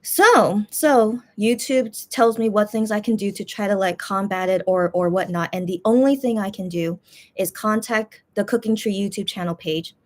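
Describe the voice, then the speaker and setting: A woman's voice: mid-range voice, normal speed. Chatty frustrated woman vlogger. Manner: rambling, many fillers and restarts; frustrated, complaining. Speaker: YouTube channel host. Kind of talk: casual chat to viewers.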